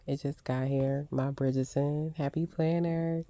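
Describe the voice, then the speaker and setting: An older woman doing a casual unboxing vlog, gushing with excited exclamations as she shows off crafting supplies. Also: deep voice, unhurried, no room sound. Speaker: crafting vlogger.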